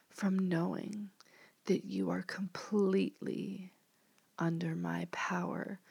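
A woman in a whispered role-play, speaking as a commanding mistress in a slow, hypnotic whisper. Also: fairly low pitch, vocal fry, a little mellow, breathy edge, no room sound.

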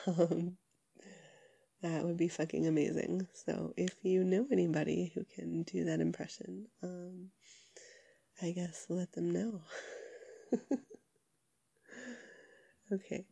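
A young woman with a sick voice chatting casually to her listeners from her couch, rambling with lots of fillers and soft giggles. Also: fairly low pitch, level tone, slow pace, creaky, pauses often, slightly rough, dry recording.

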